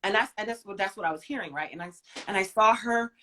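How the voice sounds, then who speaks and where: A woman in her forties, a guest in an interview, telling a personal story in an emphatic way, swinging from loud to soft. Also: medium pitch, quick pace, slight background noise.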